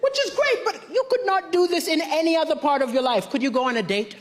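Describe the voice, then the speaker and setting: A man from Malawi performing a stand-up comedy routine on a theatre stage, with punchy deadpan delivery, acting out other people's lines. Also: very high-pitched, fast. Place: large theatre stage before a live audience. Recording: live stage mic with crowd laughter and music.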